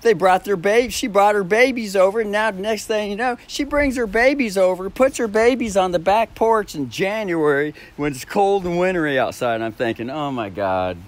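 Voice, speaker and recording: A man with a notably high voice rambles through a homespun story at his own place. He chuckles between phrases, swears freely and keeps circling back to restart his sentences. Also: moderate pace, hardly any pauses. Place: at his own home, by a backyard shed.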